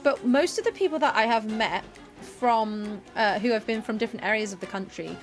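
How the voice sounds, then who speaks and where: This young streamer and game master has a voice on the high side and talks casually to her live chat. She's chatty and a little rambling with quick laughs, over soft background music.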